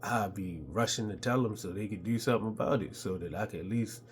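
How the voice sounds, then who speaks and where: A middle-aged man telling stories from his childhood in a laid-back, casual way, with a high voice when he quotes other people. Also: fast talker, slight background noise. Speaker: podcast host telling stories. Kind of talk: casual storytelling.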